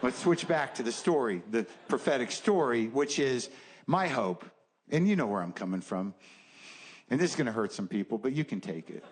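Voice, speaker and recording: A middle-aged man doing stand-up, sardonic and profane, dropping low and then bursting into mock shouting. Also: expressive, moderate pace. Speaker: stand-up comedian. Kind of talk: stand-up storytelling. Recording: noisy live club recording with audience. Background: audience laughter.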